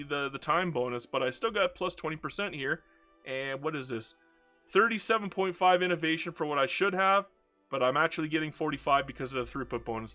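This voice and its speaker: Game commentator, man with a regional American accent, forceful and self-mocking, faint music bed. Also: on the high side. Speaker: video game streamer. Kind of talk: casual gameplay commentary.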